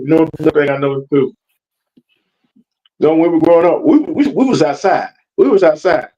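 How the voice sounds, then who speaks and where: A man's voice: on the high side, dark tone, highs cut off. A man on a live stream panel, chatting casually, backing up the host and starting his lines with stammered repeats. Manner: chimes in with agreement, stammering starts. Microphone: video call.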